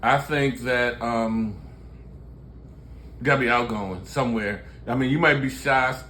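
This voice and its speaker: Bright-voiced man in his sixties, joking. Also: medium pitch, measured pace, a little hiss or hum. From Baltimore, USA. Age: 60s. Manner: laughing, storytelling, candid and joking. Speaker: musician and show host. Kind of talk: casual chat.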